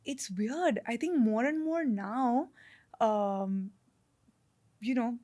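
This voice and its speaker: A woman chats as a podcast guest, her voice sitting a little high. She talks in lively bursts, full of fillers and restarts. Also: slow pace. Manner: chatty, animated, many fillers and restarts. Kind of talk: casual conversation.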